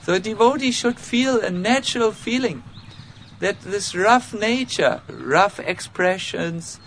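A man with giving an informal spiritual lecture, halting with many fillers and restarts, and self-mocking. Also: sits high, animated, a bit bright, a little hiss or hum. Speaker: spiritual teacher giving a talk.

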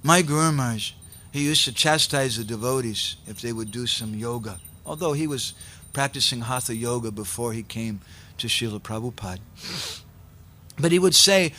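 A man preaching, telling a sacred story in an animated way and acting out its characters. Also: medium pitch, moderate pace. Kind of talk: sermon storytelling.

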